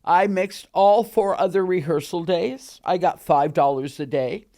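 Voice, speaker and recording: An older woman in her eighties recalls her past in casual storytelling. She speaks in a lively, animated way. She is recorded in a studio. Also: fairly low pitch, measured pace. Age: 80s. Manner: animated, acts out quoted voices. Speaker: guest recalling her career.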